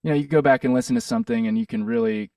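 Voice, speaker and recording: A man's voice: mid-range voice, very fast, mellow, dry recording, recorded from a distance. A man from Pittsburgh, a musician guest, chatting casually in an interview, rambling and hesitant with lots of fillers and restarts. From Pittsburgh, USA.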